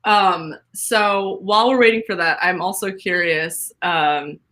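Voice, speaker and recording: A woman hosting a casual livestream interview, relaxed, reading out viewer questions with plenty of ums. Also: fairly low pitch, measured pace. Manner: relaxed, reads viewer questions aloud with fillers. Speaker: livestream host.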